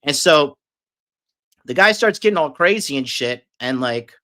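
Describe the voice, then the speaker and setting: A man's voice: on the high side, animated, a little slow, sharp tone. A man telling a long, casual story, rambling and swearing heavily with lots of fillers. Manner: profane, rambling, filler-heavy.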